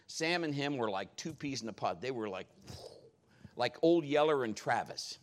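A man preaching a sermon, telling stories in a jokey, animated way. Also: medium pitch, moderate pace.

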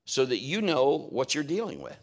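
A man preaches a sermon conversationally, telling a story and acting out what other people said. His mid-range voice swings widely in pitch at a moderate pace.

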